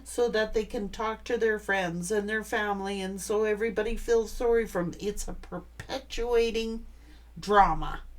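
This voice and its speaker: A woman's voice: mid-range voice, fairly even intonation, moderate pace. A woman giving a tarot reading, blunt and emphatic, swearing freely as she talks. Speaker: tarot reader.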